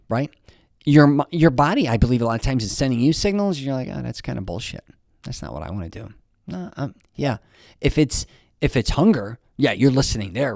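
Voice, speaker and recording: A man's voice: mid-range voice, a little mellow, no room sound, studio quality. A man in his fifties giving blunt, rambling fitness advice straight to camera, swearing freely and restarting his sentences. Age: 50s. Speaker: fitness vlogger. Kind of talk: casual motivational talk to camera.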